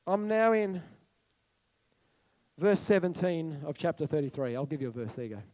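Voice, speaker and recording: A man preaching a sermon to a church congregation, animated and exclamatory, with sudden whoops. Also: fairly high pitch, normal speed. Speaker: pastor. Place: church hall.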